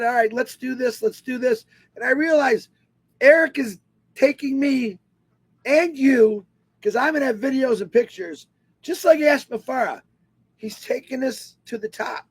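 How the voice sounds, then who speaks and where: Man, unusually high husky voice, animated webinar storyteller. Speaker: webinar speaker. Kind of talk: personal storytelling to an online audience.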